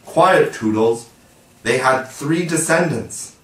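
A man's voice: mid-range voice, lively intonation, slow pace, voice pushed up. Wendy, motherly girl storyteller played by a man. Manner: patient, gently scolding. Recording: roomy, distant mic.

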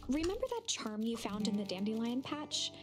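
A woman voicing a mysterious storybook narrator in a video game, speaking in a calm, measured and gently cryptic way. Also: fairly high pitch. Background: faint music.

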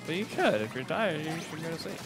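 Guy streaming a game, super animated pitch, goofy and chatty, music going in the back. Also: fast talker. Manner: playful, jokey, talks to chat. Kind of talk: casual game livestream chat.

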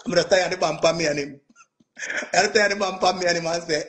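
A Jamaican man, a music performer, telling a boastful story in an animated, casual rant, dropping "man" and "yo" and laughing as he goes. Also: sits high, fairly quick.

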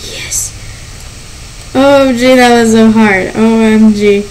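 A woman giving gameplay commentary as a channel host, excitable and panicky, often squealing and laughing. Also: on the high side, slow pace, slight background noise, rough recording.

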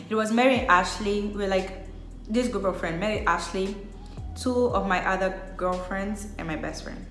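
Speaking at a normal speed with a medium-pitched voice, a young woman shares a personal story on her vlog while soft music plays behind her. The room is echoey, and her chatty delivery is packed with "like."

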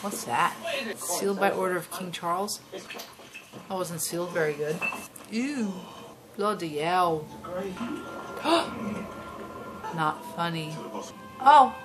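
A woman in her thirties, a vlogger chatting casually and reacting out loud as she watches a movie at home. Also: fairly low pitch, slow pace, pauses often, music in the background. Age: 30s. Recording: movie soundtrack playing behind.

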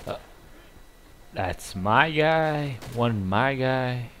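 A man giving live gameplay commentary, muttering and cursing with sudden excited outbursts. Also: medium pitch, extremely slow, a little hiss or hum. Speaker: gamer.

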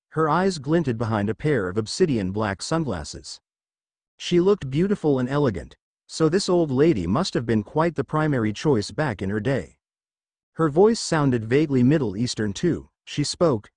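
A man's voice: medium pitch, no echo. A man narrating a fan fiction adventure story aloud, reading every character in near his own voice.

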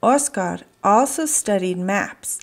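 Slow, expressive storytime woman. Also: mid-range voice, creaky. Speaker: children's story reader. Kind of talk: read-aloud storytime.

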